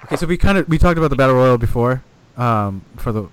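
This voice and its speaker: A man's voice: mid-range voice, expressive, fast, clear, resonant tone. A man co-hosting a casual wrestling podcast, talking animatedly, swearing often and venting exasperated gripes. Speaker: podcast co-host.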